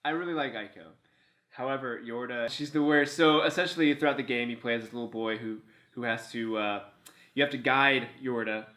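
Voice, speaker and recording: A man's voice: mid-range voice, fairly even intonation, brisk, bright, forceful tone. A man co-hosting a video game countdown show, ranting casually and profanely and laughing a lot. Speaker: co-host of a gaming countdown show. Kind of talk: casual comedic game banter.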